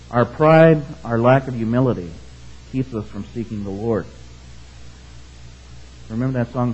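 Husky-voiced man preaching a sermon. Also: mid-range voice, normal speed, pauses often, a little mellow. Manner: conversational, keeps checking in with the congregation. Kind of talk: sermon with scripture reading. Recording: dull, muffled sound.

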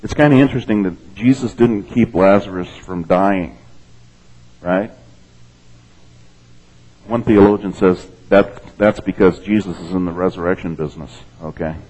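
At a moderate pace and pausing often, a low-voiced pastor reads from scripture and explains it to his congregation. The recording is low quality, and his easy, chatty delivery is dotted with "okay?" and "amen?".

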